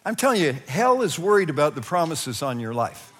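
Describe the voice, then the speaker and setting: A man with a high voice delivers a sermon as a pastor. He preaches with animated energy, laughing often and crying out in places. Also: fairly quick, big-room sound, background noise.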